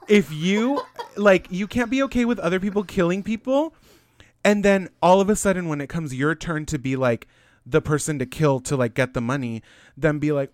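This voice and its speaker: A man's voice: on the high side, dry recording, clean studio sound. A man in his late twenties co-hosting a casual podcast, giddy and joking, swearing a lot. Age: 20s. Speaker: podcast co-host.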